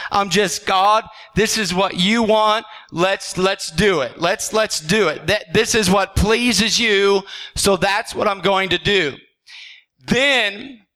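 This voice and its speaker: Guy pastor preaching, pretty high voice, lots of repeated questions and "okay?", stumbles and restarts a lot. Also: sharp tone, low-quality recording. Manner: earnest, repeats rhetorical questions, checks in with "okay?"; frequent stammered restarts. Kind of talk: sermon.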